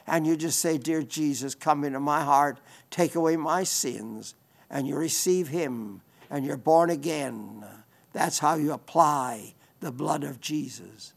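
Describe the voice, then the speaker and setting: A man preaching a sermon, reading scripture with emphasis and leading a quiet prayer. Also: a little high, vocal fry.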